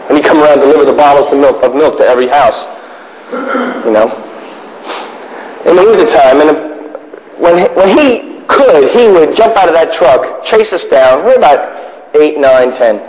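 A man telling wry, animated stories to an audience in a casual way. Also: on the high side, moderate pace, slight background noise. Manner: animated, wry, acts out voices in his stories. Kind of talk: casual anecdotal storytelling to an audience. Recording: echoey hall, dull lo-fi sound.

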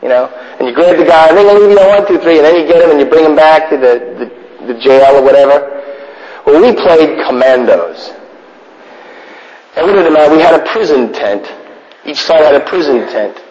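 A man telling wry, animated stories to an audience in a casual way. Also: on the high side, normal speed. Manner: animated, wry, acts out voices in his stories. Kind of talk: casual anecdotal storytelling to an audience. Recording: echoey hall, dull lo-fi sound.

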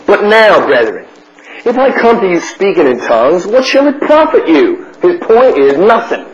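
A man teaching a Bible study as a sermon, bluntly asking questions and answering them himself. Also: fairly high pitch. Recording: muffled recording with faint noise.

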